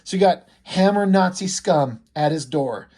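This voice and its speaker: A man's voice: on the high side, lively intonation, unhurried, a little mellow. Eager rambling man reviewing comics. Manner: enthusiastic, rambling, fillers. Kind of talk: casual comic review vlog.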